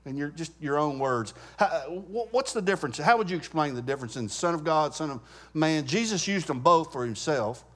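A man's voice: a little high, lively intonation, normal speed, fairly bright tone. A man teaching a Bible study class in a conversational way, stopping to ask the group questions and often restarting his sentences.

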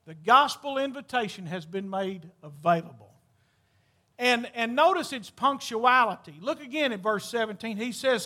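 A man, preaching a sermon with impassioned calls that drop to hushed storytelling. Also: extremely high pitch, lively intonation, moderate pace. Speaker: pastor.

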